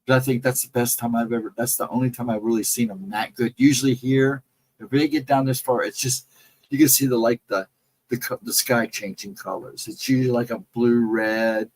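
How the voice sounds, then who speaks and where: A man's voice: medium pitch, fairly even intonation, a little fast, slight background noise, poor audio. A man hosting a casual late-night livestream, telling rambling folksy stories and answering his chat. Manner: rambling, folksy storytelling with restarts; reads out chat comments and answers them. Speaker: livestream host.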